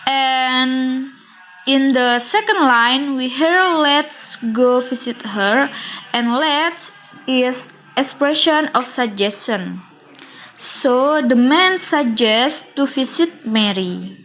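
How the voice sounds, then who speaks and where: A woman's voice: high voice, lively intonation, slow pace, fairly bright tone, a little hiss or hum, rough recording. A young woman whose first language is Indonesian, a student presenter explaining a textbook lesson unhurriedly with frequent hesitations. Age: young adult. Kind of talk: reading out a study-guide analysis.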